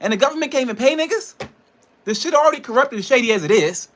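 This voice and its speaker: A man's voice: extremely high pitch, lively intonation, quick pace, a bit bright. A man, a personal trainer and nutrition coach, ranting in a casual vlog, frustrated and profane, rambling between laughs.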